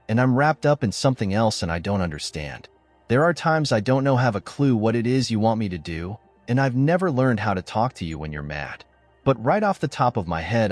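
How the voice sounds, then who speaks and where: A man's voice: fairly low pitch, no room sound. A man narrating a first-person story, voicing the betrayed husband in a blunt, angry, sarcastic manner.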